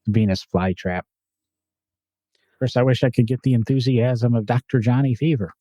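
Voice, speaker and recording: A man's voice: medium pitch, unhurried, warm tone, dry recording. A man co-hosting a casual car podcast, chatting in a rambling, joking way. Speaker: podcast co-host. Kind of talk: casual chat.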